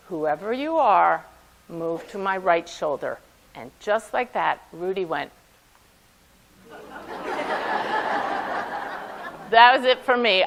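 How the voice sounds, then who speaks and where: A woman, a medium, telling lively personal stories to a conference audience, often laughing as she speaks. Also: mid-range voice, a little hiss or hum, low-quality recording. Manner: animated anecdotes with frequent laughter. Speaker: medium giving a talk. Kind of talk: storytelling talk to an audience.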